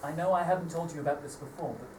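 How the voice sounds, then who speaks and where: A woman's voice: low voice, racing, dark tone, lightly acted. A woman playing a caring young adult son, earnestly pleading on a live theatre stage. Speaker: amateur stage actor. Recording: echoey theatre stage from far off, noise.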